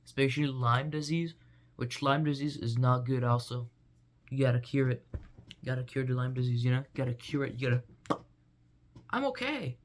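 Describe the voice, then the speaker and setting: A man's voice: mid-range voice, level tone, a little fast. A young man vlogging in a rambling, goofy casual monologue full of fillers.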